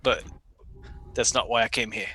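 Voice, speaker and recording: Bright-voiced man thinking aloud. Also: on the low side, fairly even intonation, slightly rough. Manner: slow, deliberating, thinks aloud. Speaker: player. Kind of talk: casual tabletop game chat.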